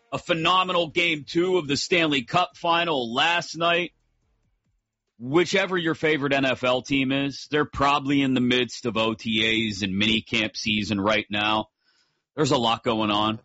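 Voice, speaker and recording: A bright, forceful male voice hosting live sports talk radio, energetic and full of quick jokey asides. The sound is dry and close on a studio mic, with slightly dull broadcast audio. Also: medium pitch, dry recording, soft background music.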